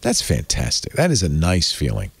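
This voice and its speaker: A man hosting a tech podcast, chatting casually and reading an ad in a rambling, animated way. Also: a bass voice, moderate pace, husky, dry recording. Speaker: podcast host. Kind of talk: casual tech podcast chat and live ad read.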